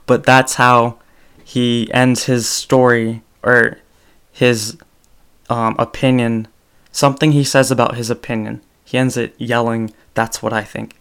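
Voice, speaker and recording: Young man, podcast host, casual rambling, smooth yet gravelly, monotone. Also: medium pitch, unhurried. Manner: rambling, frequent ums and restarts. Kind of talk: casual solo podcast talk.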